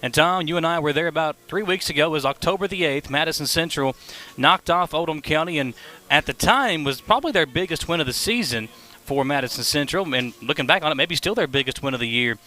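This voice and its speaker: A play-by-play broadcaster hosts a live pregame show for a high school football game. His announcer delivery is energetic and brisk.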